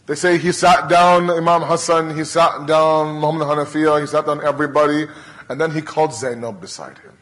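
A man's voice: on the high side, steady tone, fairly quick, a bit bright, poor audio. A man preaching a sermon as a preacher, retelling a sacred story with emotion and heavy repetition.

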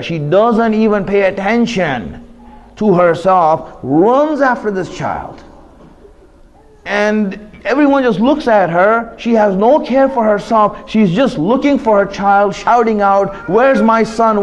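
Impassioned high-voiced male preacher. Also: highs cut off. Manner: impassioned, rising and falling between loud pleas and hushed asides. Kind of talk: sermon.

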